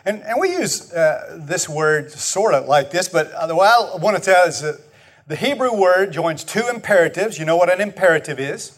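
High-voiced Texan preacher. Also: male voice, animated, moderate pace, fairly bright tone. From Texas. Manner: folksy, emphatic repetition, leads the congregation in call-and-response. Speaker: pastor. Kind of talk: sermon.

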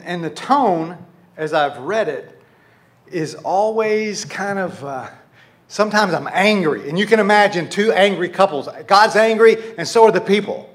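A man's voice: fairly high pitch, a bit bright. A man preaching a sermon to his congregation in a conversational way, often restarting and correcting himself. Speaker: pastor.

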